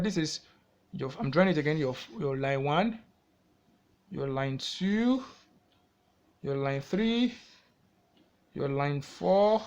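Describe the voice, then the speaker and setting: A music teacher with a Nigerian English accent and a fairly high voice walks through a lesson step by step. He repeats key points and keeps checking in with the viewer through questions he then answers himself. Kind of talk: classroom-style music theory lesson.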